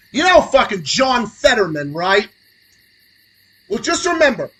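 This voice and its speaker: A young man hosting a podcast stream, ranting angrily and sarcastically, swinging between low muttering and shouting. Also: husky, low-quality recording. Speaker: podcast host. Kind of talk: profane political rant on a livestream.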